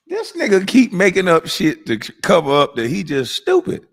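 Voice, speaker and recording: A man's voice: high-pitched, wildly swooping pitch, moderate pace, gravelly. A man hosting a stream, mocking clips in profane casual roast commentary, his nose stuffy. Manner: mocking, profane, bursts into laughter. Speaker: host reacting to clips.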